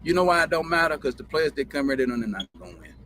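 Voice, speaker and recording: A man with a country drawl talks in a bright, forceful voice, a little higher than most men. He rambles, swears freely and circles back over the same phrases. A faint hiss of noise sits under his voice. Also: big pitch swings, quick pace. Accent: Southern US country drawl. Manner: profane, rambling, repeats himself. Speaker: show host. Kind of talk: casual storytelling monologue.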